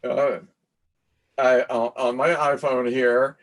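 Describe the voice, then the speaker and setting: A man co-hosting a casual video call, relaxed and jokey, laughing often. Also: medium pitch, slow pace. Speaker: co-host interviewer. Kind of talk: casual chat.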